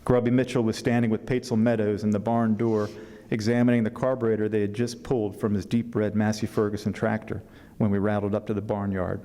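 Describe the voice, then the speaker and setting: A man, an author, reading a passage from his novel at a book fair symposium, with unhurried pacing and a few asides. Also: fairly low pitch, flat delivery, dark tone. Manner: unhurried reading with fillers and restarts between passages. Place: symposium hall. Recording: long hall reverb.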